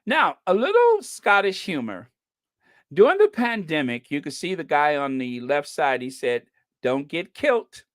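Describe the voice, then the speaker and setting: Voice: mid-range voice, big pitch swings, normal speed, no room sound, clean studio sound. A host from the United States chatting casually on a livestream, giggling at their own jokes and thanking viewers.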